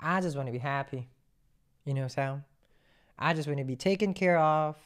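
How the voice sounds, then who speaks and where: A woman's voice: deep voice, normal speed, clear, resonant tone, natural voice. A woman voicing an anxious querent torn between work and love, pleading and a little whiny. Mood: longing.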